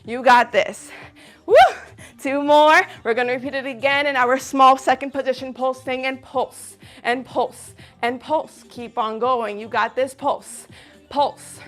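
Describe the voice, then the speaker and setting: A woman's voice: high voice, steady tone, unhurried, a bit bright, soft background music. Breathless upbeat woman coaching a workout. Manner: upbeat, encouraging, counts reps and whoops. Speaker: fitness instructor. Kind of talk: live workout instruction.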